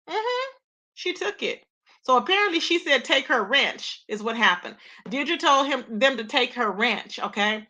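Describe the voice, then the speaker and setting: A woman's voice: high voice, sharp tone. A woman hosting a casual gossip livestream who talks to her viewers, greets them by name and calls them babe and child, with features. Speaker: YouTube commentary livestream host.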